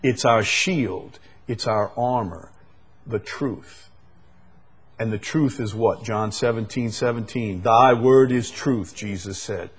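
There's a breathy edge to this male preacher's voice as he delivers his sermon slowly and with emphasis, swinging between abrupt loud, high bursts and quiet falls.

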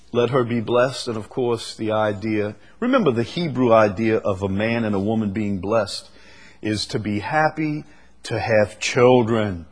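Male preacher, husky, unhurried sermon delivery, leans hard on key words. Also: on the low side, expressive. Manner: slow, drawn-out delivery with bursts of emphasis. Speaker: pastor.

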